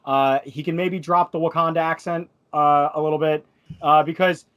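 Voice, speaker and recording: A man's voice: on the high side, flat delivery, moderate pace, fairly bright tone. A man on a wrestling panel, talking in an enthusiastic, opinionated way in casual chat.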